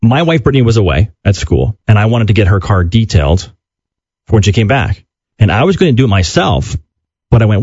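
A middle-aged man co-hosting a morning radio show, telling a family story with lively acted-out quotes. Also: lowish voice, brisk, breathy edge, no echo. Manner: animated, acts out quotes in put-on voices. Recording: dull dry radio studio sound.

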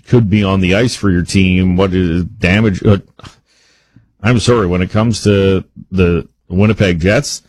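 A man with a very low, husky voice talks hockey on a radio show. He is opinionated and lively, and he rushes his words when he gets worked up. The sound is dry and close, with no room echo. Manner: opinionated, animated, speeds up when making a point. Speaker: sports radio co-host. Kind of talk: casual sports talk.

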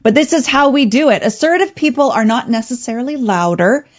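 A woman hosting an advice show, talking in a calm, clear, coaching way. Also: a little high, a little fast, dull audio. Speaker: radio show host. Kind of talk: advice talk show monologue.

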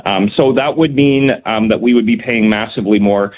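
A man's voice: fairly low pitch, normal speed. A man, a provincial cabinet minister answering radio interview questions in an earnest, emphatic way, full of "um" and restarts. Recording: phone-line call-in audio.

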